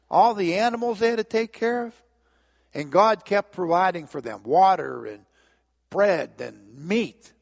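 A middle-aged man preaching a sermon, telling the story in an animated way and often repeating "and, and". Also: high-pitched. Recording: long hall reverb.

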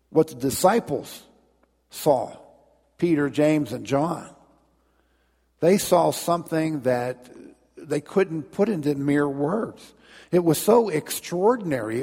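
A man's voice: on the high side, gravelly, a little mellow, slightly rough. A male pastor telling a story during a sermon to his congregation, with restarts and growing emphasis. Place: church sanctuary. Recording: long church reverb.

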